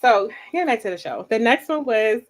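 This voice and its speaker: A woman's voice: on the high side, expressive, brisk. A woman co-hosting a casual talk show, reading viewer comments aloud and laughing often. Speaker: co-host. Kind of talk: casual chat.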